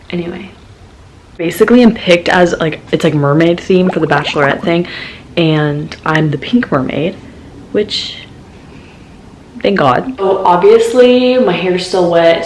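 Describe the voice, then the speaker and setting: A young woman, chatting frankly and jokingly in a casual vlog, swinging between loud remarks and mumbled asides. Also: lowish voice. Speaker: vlogger. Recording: echoey room with noticeable noise.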